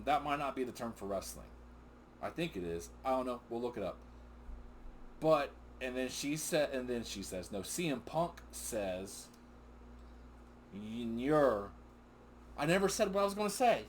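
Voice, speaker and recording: Unhurried and pausing often, a middle-aged man co-hosts a wrestling recap with his son in a mid-range voice. It's a casual chat where he rambles excitedly, drifts off topic and laughs a lot. Slight background noise can be heard.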